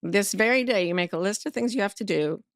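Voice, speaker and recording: A woman's voice: medium pitch, quick pace, no room sound, studio quality. A middle-aged woman sharing a personal story as a podcast guest, vividly acting out the voices she quotes, blunt and earthy. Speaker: guest author and life coach. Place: podcast studio.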